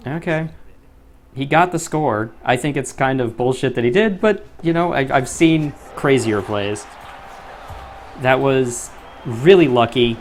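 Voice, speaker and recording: A man's voice: mid-range voice, expressive, moderate pace, a little hiss or hum. A young man commentating his own gameplay, often frustrated, swearing and muttering to himself. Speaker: gaming YouTuber.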